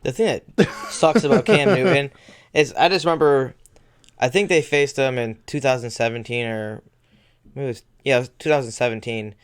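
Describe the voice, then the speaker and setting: A man's voice: medium pitch, normal speed, smooth. Laid-back man in sports chat.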